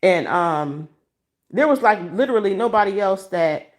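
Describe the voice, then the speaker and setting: A woman from Michigan hosting a casual livestream from home, talking to viewers on a phone she holds as she walks around, emotional and expressive with a preachy streak. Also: medium pitch, normal speed. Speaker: livestream host. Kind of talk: casual livestream commentary to a chat. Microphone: phone held in hand.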